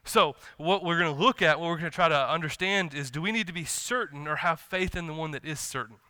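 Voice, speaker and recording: A male pastor delivers a casual, animated sermon in a bright, clear voice that sits slightly high. The sound is close and dry. He reads scripture aloud and slips into quick bits of acted dialogue. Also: no echo. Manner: conversational and animated, quoting scripture and acting out dialogue. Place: church.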